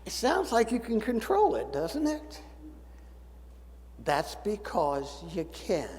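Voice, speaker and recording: A man's voice: high-pitched, wildly swooping pitch, takes it slowly, darkish tone. A man in his seventies preaching a sermon, folksy and storytelling with dry humor. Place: church sanctuary. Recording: church sanctuary with long reverb.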